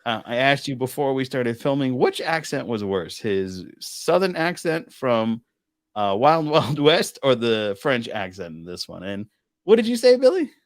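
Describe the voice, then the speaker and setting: A man hosting a casual movie review chat, animated and prone to swearing. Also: medium pitch, unhurried. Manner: animated, swears, laughs often. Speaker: host.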